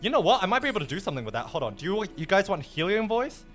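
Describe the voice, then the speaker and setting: High-pitched guy streaming, super animated, swears a lot, drops japanese bits here and there. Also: racing, soft background music. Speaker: livestreamer. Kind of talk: casual livestream chat.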